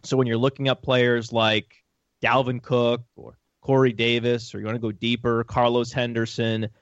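A man appearing as a podcast guest, talking in an excitable, upbeat, salesy way. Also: mid-range voice, moderate pace, no echo, lo-fi sound. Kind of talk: casual podcast chat.

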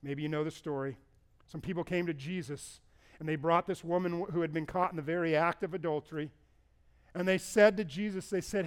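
A man preaches a sermon, telling the stories in an animated way and putting on voices for the people in them. His voice sits high and sounds smooth. He jumps between calm teaching and loud, excited retelling. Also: brisk. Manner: animated storytelling, acting out the people in the story with a raised voice. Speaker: pastor.

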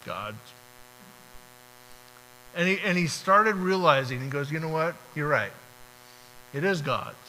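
A pastor on the high side, with lively intonation and a pushed, bright delivery, preaches at a moderate pace. He chats through the sermon and acts out short prayers and dialogues; the rough recording has slight background noise.

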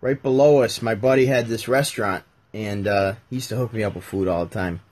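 A man hosting a casual chat, teasing and telling animated stories. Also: lowish voice, a little fast, slightly rough. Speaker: podcast host.

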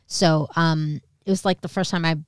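A woman's voice: low-pitched, steady tone, normal speed, smooth, no room sound, studio quality. A woman in her thirties casually telling a personal story on a podcast, candid and swearing, acting out the other people in it. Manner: candid, swearing, acts out quoted voices. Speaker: podcast co-host.

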